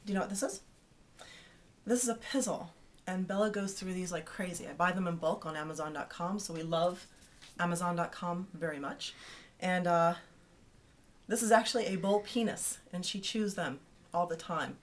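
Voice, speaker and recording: A woman's voice: fairly low pitch, moderate pace. A woman in her thirties hosting a casual video newsletter for her fans, chatty and playful with teasing asides.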